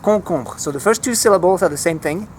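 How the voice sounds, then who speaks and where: A man walking through a home vegetable garden outdoors, naming plants and teaching their French words in a relaxed, chatty way. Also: sits high, fairly quick, a little hiss or hum. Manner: relaxed, chatty, easily enthused. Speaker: language teacher giving a garden tour.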